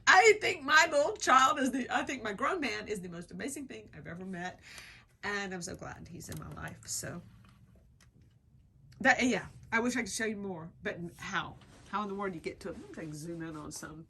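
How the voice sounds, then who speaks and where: A middle-aged woman talks in a casual home vlog, her voice bright and sharp and swinging widely up and down. She gushes in excited bursts and gets emotional, filming on a handheld phone indoors with a faint hiss behind her. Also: mid-range voice. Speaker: craft vlogger. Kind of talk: casual chat.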